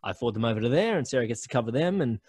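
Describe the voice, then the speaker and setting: A man's voice: mid-range voice, animated, very fast, a little mellow, husky, dry recording. Chatty Australian man, dry close sound. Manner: chatty storyteller with many fillers and restarts. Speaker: podcast network founder, guest. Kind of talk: casual interview chat. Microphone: remote call recording.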